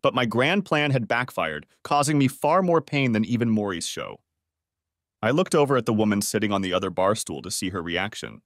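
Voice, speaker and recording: A man's voice: on the low side, expressive, brisk, no echo, studio quality. A man narrating a first-person story of betrayal in a dramatic, wounded manner.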